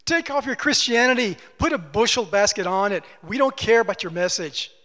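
Man doing a stern mall security guard, curt orders, high voice, long reverb. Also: lively intonation, fairly quick, pushed and bright.

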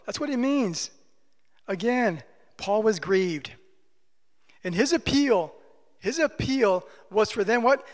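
High-voiced preacher in a reverberant hall. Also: male voice. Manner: earnest preaching, drops to soft tender repetitions. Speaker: pastor. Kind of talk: sermon.

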